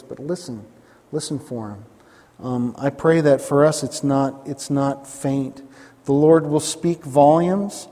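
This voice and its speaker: A man's voice: medium pitch, warm tone, long reverb tail. A man preaching a sermon as pastor, emphatic, repeating his lines and asking the congregation questions.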